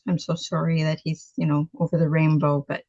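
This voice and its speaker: A woman with a very low voice joins a casual chat. She listens agreeably and chimes in often, and her sound comes through dull and muffled. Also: little pitch movement. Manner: warm, agreeable listener with quick backchannels.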